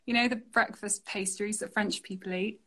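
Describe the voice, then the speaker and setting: A young British woman, chatty and quick to laugh, talking casually on a phone livestream. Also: medium pitch. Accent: British English. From United Kingdom. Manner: chatty, laughs often, animated. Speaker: guest artist. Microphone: phone on a live video call.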